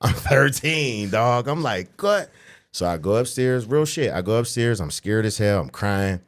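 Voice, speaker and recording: In a laid-back podcast interview, a forties-aged guest from the Pittsburgh region, a professional bodybuilder, recounts a crude story from when he was a kid. Pitch runs fairly low and the pace is moderate. He peppers it with "you know what I'm saying," swears freely, and animatedly performs the voices he quotes.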